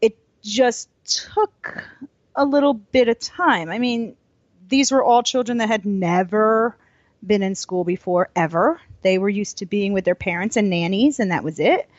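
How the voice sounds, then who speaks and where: A woman early childhood educator co-hosting a podcast, chatting casually with quick laughs. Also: mid-range voice, no room sound. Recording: slightly dull lo-fi sound.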